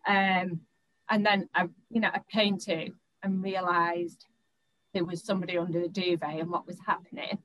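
A woman's voice: lowish voice, level tone, normal speed, a bit bright, muffled recording. A young woman, recounting a personal experience in an interview, often stopping, restarting and repeating words.

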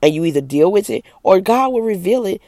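A woman's voice: medium pitch, expressive, brisk, mellow, no room sound, clean studio sound. A middle-aged woman who is an evangelist, giving an earnest, emphatic personal testimony straight to camera.

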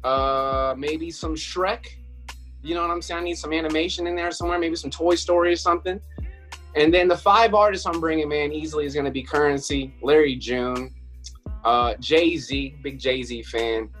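A man's voice: on the high side, steady tone, normal speed, fairly bright tone, faint music behind. A young man co-hosting a podcast, laid back as he sets up a question segment in casual chat. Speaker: podcast co-host.

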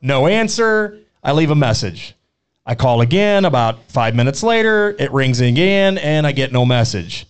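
A man hosting a podcast, telling a rambling story in an animated, casual way. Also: mid-range voice, moderate pace, clear, resonant tone. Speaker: podcast co-host.

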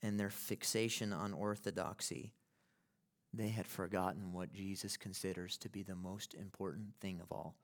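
Emphatic male pastor with a low voice. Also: fairly even intonation, moderate pace. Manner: emphatic, building to impassioned peaks. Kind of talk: sermon.

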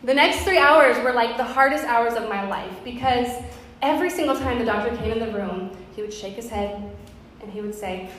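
A woman's voice: a little high, moderate pace, fairly bright tone. A woman pastor in her thirties preaching a sermon, telling a personal story in an earnest, conversational way. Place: church sanctuary. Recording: very echoey hall with faint background noise.

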